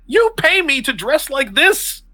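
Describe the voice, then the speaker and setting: A man voicing a cheeky, flustered young female stage assistant in a squeaky voice. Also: very animated, unhurried, bright, forceful tone, no room sound, clean studio sound, heavily acted.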